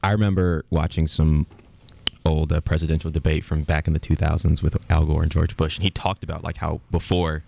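A man with an extremely low, gravelly voice, full of vocal fry. He talks loosely and conversationally, stringing thoughts together with "like.". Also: level tone, a little fast, a little mellow. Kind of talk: casual political discussion.

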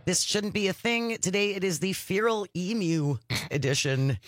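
A man's voice: high-pitched, expressive, moderate pace, dry recording. A man co-hosting a casual radio talk show from a studio, reading headlines with dry jokes.

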